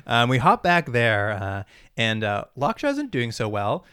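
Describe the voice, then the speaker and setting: A man hosts a casual podcast. He talks at an average pitch with a close, dry sound, and he recaps TV episodes by acting out characters in quick comic voices. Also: very animated, fairly bright tone, clean tone, no echo. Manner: acts out scenes in quick silly voices, laughs often. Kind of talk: casual chat.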